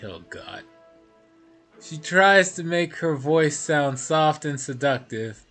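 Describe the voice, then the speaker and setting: Slow-reading man streaming a game. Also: a little high, fairly bright tone. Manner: reads game text aloud, laughing asides.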